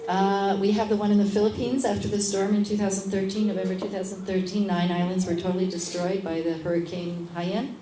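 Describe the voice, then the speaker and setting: Lively storytelling woman, echoey room. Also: mid-range voice, brisk, hardly any pauses. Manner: animated, acts out other people's lines. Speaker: guest, midwife. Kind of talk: casual storytelling at a live interview. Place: event space at a lunch gathering. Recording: echoey room with background noise.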